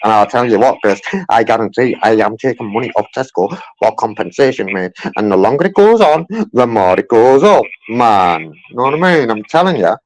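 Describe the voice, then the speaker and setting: A man's voice: on the low side, lively intonation, brisk, few pauses, a little mellow, slight background noise. A man on a phone call pressing a customer service agent over his complaint, repeating himself insistently and peppering his speech with "man" and "mate". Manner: insistent, repetitive, keeps saying "man" and "mate". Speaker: caller making a complaint.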